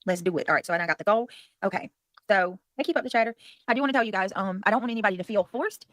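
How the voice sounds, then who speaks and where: This livestream host is a woman with a Southern US accent and a medium-pitched, fairly bright voice that races along. Chatty and meandering, she thanks her viewers and lets the odd curse slip.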